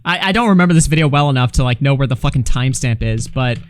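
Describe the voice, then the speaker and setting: Profane streamer with a swinging, lively voice. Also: male voice, medium pitch, fast talker. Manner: loose, profane, laughing, reads chat aloud. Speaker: streamer reacting to a clip. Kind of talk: casual live-stream commentary.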